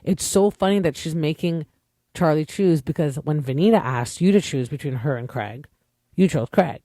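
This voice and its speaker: A man's voice: a little high, moderate pace, warm tone, no room sound, clean studio sound. A young man from Canada, an opinionated podcast host chatting casually through a reality TV recap with lots of fillers.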